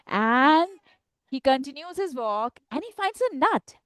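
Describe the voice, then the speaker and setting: A woman's voice: high-pitched, sing-song, a little slow, a bit bright, no room sound. A middle-aged woman telling a story to children, playful and asking them questions. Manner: playful, voices many characters, asks children questions.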